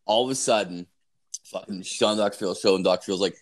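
Low-voiced man telling rowdy stories. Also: quick pace. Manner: profane, rambling, animated storyteller. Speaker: podcast co-host. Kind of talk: casual storytelling chat.

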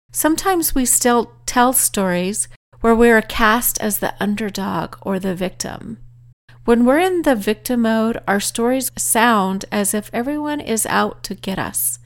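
A woman author giving a motivational talk, earnestly telling a personal story. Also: on the high side. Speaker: author and speaker.

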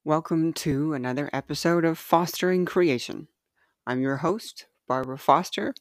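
A woman hosting a podcast and reading aloud from her own book in a gentle, measured, heartfelt way. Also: low voice, no echo, clean studio sound. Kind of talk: slow, earnest reading of personal writing.

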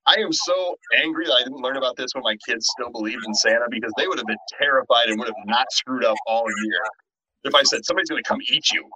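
Bright-toned middle-aged male horror podcaster. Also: mid-range voice, fast talker. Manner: animated storyteller, stumbles and restarts, swears freely. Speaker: podcast co-host. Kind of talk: casual podcast chat. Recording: dull, lo-fi and dry.

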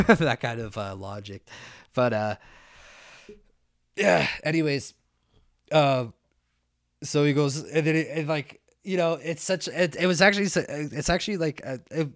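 A man's voice: medium pitch, no room sound, studio quality. A man telling a story in a casual, rambling way, swearing and stumbling over fillers and restarts.

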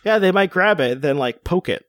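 A man's voice: sits high, expressive, moderate pace, fairly bright tone, dry recording. A man co-hosting a casual podcast chat, reading out a character profile with joking asides. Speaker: podcast co-host.

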